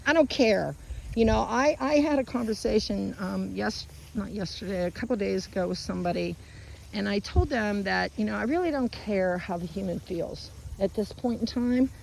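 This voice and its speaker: A woman dog trainer coaching a client on a walk in a park, giving direct, encouraging instructions and bursting into high sing-song calls to the dog. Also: moderate pace, gravelly, darkish tone, slight background noise, rough recording. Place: outdoors in a park.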